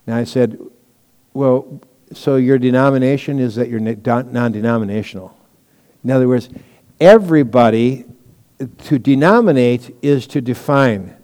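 A man preaches to his congregation in a relaxed, conversational way, slipping in stories and asides as he teaches. His voice is mellow and warm. The sound carries a long reverb from a large church hall. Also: mid-range voice, normal speed. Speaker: pastor. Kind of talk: sermon, Bible teaching.

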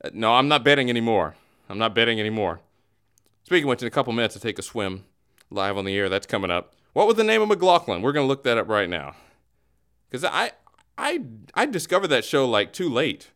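A man hosting a casual sports talk podcast, ranting in an animated way. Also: medium pitch, brisk, clear, resonant tone. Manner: animated, ranting with mock voices. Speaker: podcast host.

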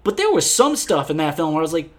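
A man in casual podcast chat, reviewing a film with animated, profane, exasperated rants. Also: fairly high pitch, fast.

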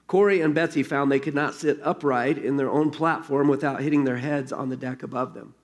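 A man's voice: medium pitch, fairly even intonation, fairly quick. A man preaching a sermon as pastor, earnest and conversational, reading a story aloud to his congregation.

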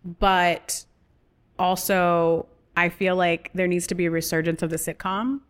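A woman from the United States, an actress talking as a guest in a casual interview, animated and playful and quick to laugh. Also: on the low side, smooth.

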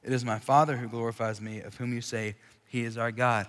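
This preacher's voice is medium-pitched, a bit bright, and brisk, with a flat delivery. He keeps his sermon casual and conversational, joking with a live audience, and the big hall gives a long reverb.

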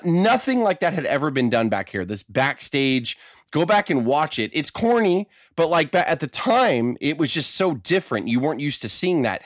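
A man's voice: on the high side, no echo, studio quality. A man casually chatting on a podcast, telling stories with lots of swearing and acting out quotes. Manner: profane, animated storyteller acting out quotes. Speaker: podcast co-host. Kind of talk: casual chat.

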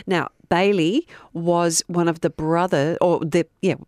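Aussie woman podcaster, excitable storyteller, lower voice, dead dry mic. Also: a little slow, no echo. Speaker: podcast co-host telling a true crime story. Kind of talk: casual chat.

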